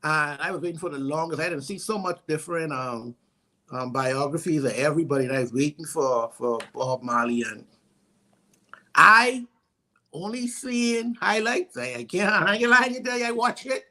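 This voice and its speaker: Bahamian man, talk co-host, high and bright, chatty storyteller. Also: moderate pace. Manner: animated storyteller, stutters on restarts. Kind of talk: casual chat.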